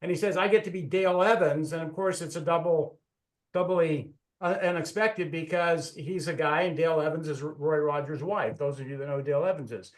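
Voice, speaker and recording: High-voiced man teaching humor over a call. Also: fairly even intonation, fairly quick. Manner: chatty storyteller, frequent restarts and self-corrections. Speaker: educational speaker at a speaking club. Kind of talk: speaking-club lesson on humor.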